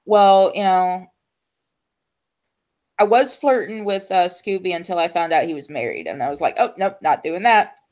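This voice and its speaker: A woman talk-show host in casual conversation, her voice sitting a little low for a woman. She wanders through her stories with frequent ums and unfinished thoughts. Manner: chatty, full of ums and trailing pauses. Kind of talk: casual chat.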